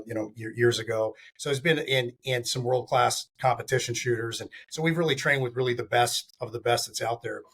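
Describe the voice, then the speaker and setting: A man answering questions in a steady, level voice that barely rises or falls. He rambles on, circling back with fillers and restarts. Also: mid-range voice, breathy edge. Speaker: guest, firearms training company founder. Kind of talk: casual podcast interview.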